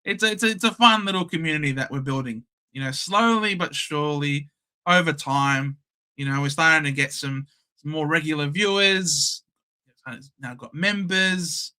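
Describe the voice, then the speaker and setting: A man's voice: a little high, normal speed, sharp tone, clean tone. A young Australian man hosting a casual live sports watchalong, bantering cheekily with chat and reading out scores. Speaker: livestream host.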